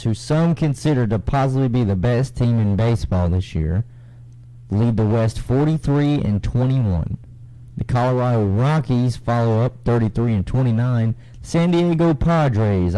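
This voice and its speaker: A young man co-hosting a casual radio sports talk show, reading standings in a relaxed, drawling way. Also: medium pitch, rough recording. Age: young adult.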